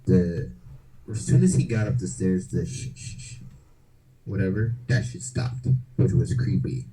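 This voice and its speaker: A man's voice: deep voice, moderate pace, dark tone, a little hiss or hum, rough recording. A man co-hosting a podcast, telling a story in a loose, slangy, profane way. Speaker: podcast co-host. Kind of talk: casual storytelling.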